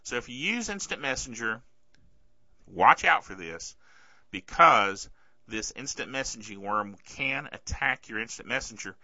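Lively, sharp-voiced podcast man with a sore throat. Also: mid-range voice, measured pace, dry recording. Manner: chatty, sarcastic, keeps asking "okay?". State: throat trouble, keeps clearing his throat. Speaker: podcast host. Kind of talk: casual tech news commentary. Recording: dull lo-fi dry recording.

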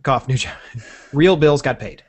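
A man hosting a casual tech podcast, relaxed and joking, rambling through the news. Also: a little high, unhurried. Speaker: podcast host.

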